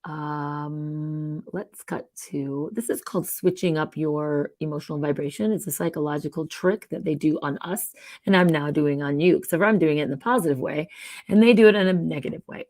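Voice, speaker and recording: A woman's voice: deep voice, moderate pace. A woman hosting her own live stream, talking casually in a rambling, jokey way. She laughs often, trails off and restarts her sentences.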